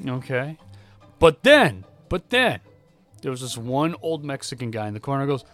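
A man co-hosting a podcast, telling stories in a casual, animated, profane way. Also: mid-range voice, moderate pace, no echo, faint music behind. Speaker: podcast co-host. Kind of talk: casual chat.

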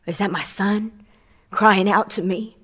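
A woman's voice: medium pitch, fairly even intonation, unhurried, a bit bright, breathy edge, pitched below the performer's own voice. A woman voicing God as a tender father.

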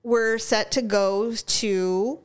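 A woman chatting casually as a podcast co-host, telling lively stories and acting out what people said. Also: drawn-out words, clean tone. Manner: animated storyteller, acts out quotes in a high voice. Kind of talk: casual chat.

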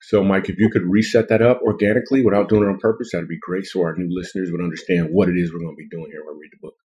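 A man's voice: low voice, fairly even intonation, very fast, warm tone, lo-fi sound. A man hosting a casual comedic chat, playful and rambling as he jokes with his co-hosts. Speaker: podcast host and author.

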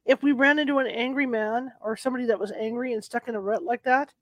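A woman host with a fairly high voice who speaks fast. She keeps the talk going with short, encouraging replies. The sound is dry and close. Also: fairly even intonation, dry recording. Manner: brief encouraging responses. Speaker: interviewer. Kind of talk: casual interview chat.

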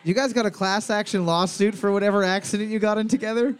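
A man's voice: high voice, fairly even intonation, fast talker, smooth. A man hosting a live trivia night for a podcast, reading questions and teasing the players with jokes and frequent laughter. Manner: jokey, teasing, laughs often. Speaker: trivia host.

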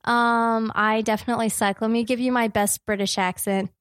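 A young woman from New Jersey talks in a casual podcast chat, pitched a touch high. She is chatty and quick to poke fun at herself. The room sounds dry and close. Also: steady tone, fairly bright tone, dry recording. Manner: chatty, self-deprecating, laughs easily. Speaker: podcast co-host.

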